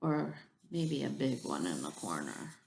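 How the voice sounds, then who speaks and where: A woman reading a picture book aloud at a children's story time as a preschool teacher, gentle and encouraging. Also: very deep voice, very animated, measured pace, vocal fry, slight background noise.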